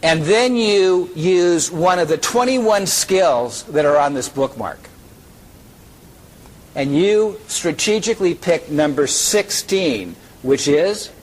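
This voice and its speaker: A man's voice: on the high side, slow, low-quality recording. A man giving a conference keynote, joking and bringing audience members up to act out a story. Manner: lively, joking, pulls audience members on stage. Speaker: keynote speaker.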